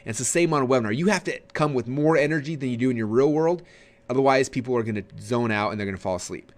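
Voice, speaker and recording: A quick-paced man at a mid pitch, teaching in a loose, energetic way. He leans into the delivery and lets his voice jump up and drop down for emphasis. He stumbles through plenty of fillers and restarts as he goes. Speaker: marketing trainer. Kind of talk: casual spoken webinar lesson.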